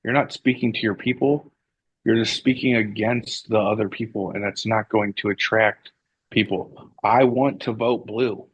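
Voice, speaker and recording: A man co-hosting a casual political talk show, heated, halting and often restarting his sentences. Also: on the low side, steady tone, slightly rough. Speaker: podcast co-host. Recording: dry, dull lo-fi sound.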